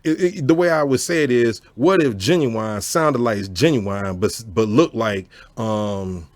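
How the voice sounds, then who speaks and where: A man telling a story in casual chat, animated and profane, laughing often and asking whether the listener gets his point. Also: medium pitch, a little slow, no echo. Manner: animated, profane, laughs often, keeps asking "you know what I'm saying". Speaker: storyteller host.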